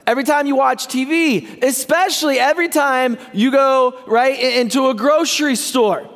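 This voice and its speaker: A man's voice: extremely high pitch, normal speed, fairly bright tone. A male pastor giving a casual, joking sermon, often checking in with the congregation. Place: church sanctuary. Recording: long church hall reverb.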